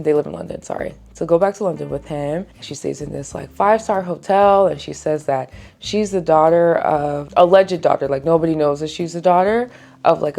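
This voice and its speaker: A woman's voice: lowish voice, creaky, a little mellow. A woman book vlogger in a casual reading wrap-up, telling stories in a chatty way with lots of filler words. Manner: chatty storytelling, frequent "like" fillers.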